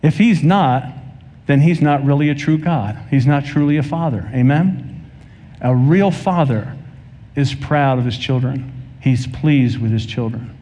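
Male preacher, warm dark tone, big reverberant sanctuary sound, acts out his anecdotes. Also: mid-range voice, a little slow. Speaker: pastor. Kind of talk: sermon. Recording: long hall reverb.

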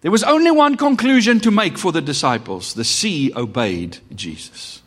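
Middle-aged South African male pastor, animated preaching with dramatic pauses, in a reverberant hall. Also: a little high. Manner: animated, dramatic pauses, swings from loud to hushed. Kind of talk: sermon.

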